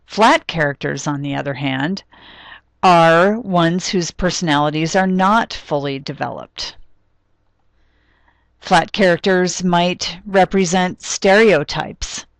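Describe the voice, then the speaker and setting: Low-voiced woman giving a lecture. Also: takes it slowly, no echo. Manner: explanatory, thinks aloud with frequent ums and restarts. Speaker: literature lecturer. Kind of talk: recorded classroom lecture.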